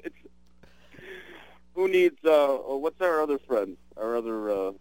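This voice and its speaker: A man in his sixties hosting a call-in radio show, who talks in a halting way with many restarts. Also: mid-range voice, very animated, a little mellow, dry recording, rough recording. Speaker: radio talk show host.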